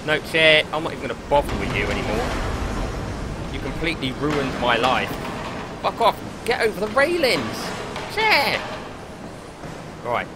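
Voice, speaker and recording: In this horror game let's play, a gaming YouTuber speaks at normal speed in a slightly high voice over background noise. Excitable and panicky, he curses and cracks jokes while playing.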